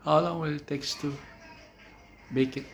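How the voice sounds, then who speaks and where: A man, a father chatting gently with his daughter and chuckling often as he films. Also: a little high, fairly even intonation, normal speed, faint music behind. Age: 50s. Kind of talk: casual family chat.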